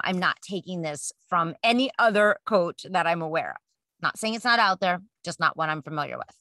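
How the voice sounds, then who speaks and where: A woman's voice: on the low side, a bit bright, dry recording, studio quality. Chatty upbeat woman podcast host. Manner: upbeat, chatty, swears casually. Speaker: podcast host and business coach. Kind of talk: casual solo podcast talk.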